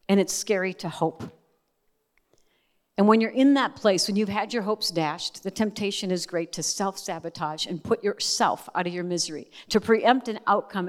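A middle-aged woman giving a sermon, telling a family story with earnest, emotional emphasis that rises and falls. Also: on the low side. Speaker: speaker at a church service. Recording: long hall reverb.

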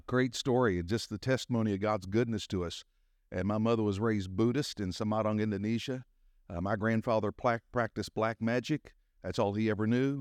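A man's voice: on the low side, a little mellow, dry recording, studio quality. Folksy Southern preacher in his sixties. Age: 60s. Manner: folksy, joking, rousing call-and-response. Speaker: pastor. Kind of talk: conference sermon.

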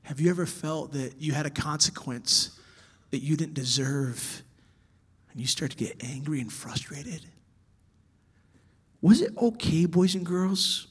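A man teaching church workers about children's ministry, animated, swinging from loud emphasis to soft whispers. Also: fairly high pitch, a little slow, long pauses, husky.

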